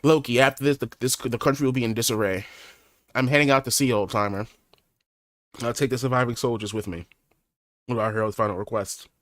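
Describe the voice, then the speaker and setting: A young man reading a manga chapter aloud in a flat mutter. He breaks off with slangy, profane asides as he reacts. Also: medium pitch, brisk, pauses often, no echo, clean studio sound. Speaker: manga reaction channel host.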